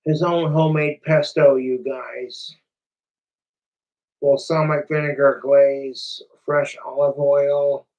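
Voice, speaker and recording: A man's voice: medium pitch, level tone, slow pace, darkish tone, distant mic, lo-fi sound. A man chatting casually on a livestream, rambling, profane and repetitive.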